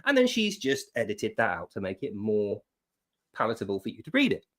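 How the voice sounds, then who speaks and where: A man's voice: on the low side, huge pitch swings, a little fast, a bit bright. A man giving sarcastic reaction commentary, mocking what he reads aloud. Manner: mocking, reads quotes aloud in put-on voices. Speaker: online commentator.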